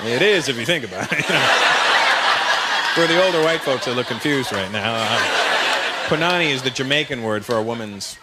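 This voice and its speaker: A man's voice: mid-range voice, expressive, brisk. A man doing a stand-up comedy set on a club stage, telling punchy stories with asides to the crowd. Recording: live club, loud crowd and noise.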